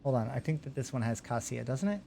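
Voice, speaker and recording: A man's voice: medium pitch, lively intonation, quick pace, creaky, loud music behind the voice. A man hosting a live stream, chatting casually and rambling while he talks to his viewers. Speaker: streamer and host.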